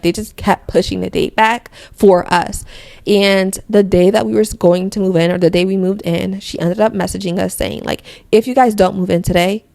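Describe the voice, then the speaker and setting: A woman's voice: fairly low pitch, vocal fry, darkish tone, no echo. A young woman from Connecticut hosting a podcast, telling a personal faith testimony in a rambling, self-correcting way. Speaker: podcast host.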